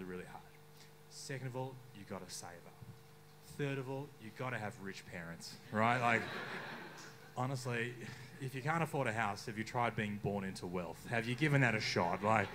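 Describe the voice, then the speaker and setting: A young man with an Australian accent doing a stand-up comedy set on a bar stage, deadpan with sudden outbursts. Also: fairly low pitch, background noise. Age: young adult. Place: bar stage before a live crowd.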